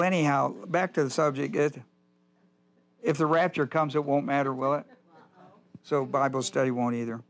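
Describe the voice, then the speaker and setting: Older male pastor teaching folksy. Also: a little high. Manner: folksy, digressive, repeats himself. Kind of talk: Bible study teaching. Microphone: whiteboard lecture in a church.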